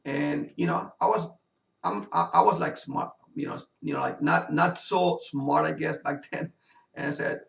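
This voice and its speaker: A man tells a personal story in a loose, rambling way, stacking fillers as he games. His voice is very gravelly and a bit high. It sounds roomy, picked up from some distance. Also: normal speed, fairly bright tone. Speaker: gamer and video host. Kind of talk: casual storytelling while gaming.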